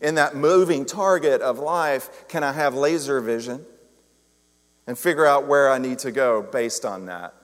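A man's voice: mid-range voice, measured pace. A male minister giving a conversational sermon, telling a story with self-deprecating humor. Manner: chatty, self-deprecating humor, animated retelling. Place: church sanctuary. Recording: long reverb of a large hall.

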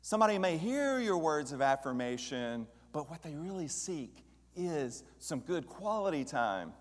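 A man giving a relaxed, conversational sermon at a church, often putting questions to the congregation. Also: on the high side, a little slow. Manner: conversational, asks the audience questions. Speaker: speaker at a church service. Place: church sanctuary. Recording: long hall reverb.

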